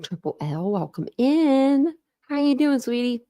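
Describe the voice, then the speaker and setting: A woman's voice: sits high, big pitch swings, measured pace, warm tone. A woman hosting a true crime livestream, chatting casually and greeting viewers by name between frequent laughs.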